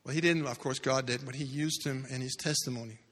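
A man preaching a sermon, telling a story with dramatic swings between loud bursts and hushed low lines. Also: steady tone, quick pace. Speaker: pastor. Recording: long hall reverb.

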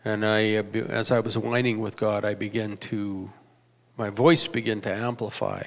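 A pastor in his fifties telling a personal testimony in a halting, reflective way, often restarting his sentences. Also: on the low side, flat delivery. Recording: reverberant hall.

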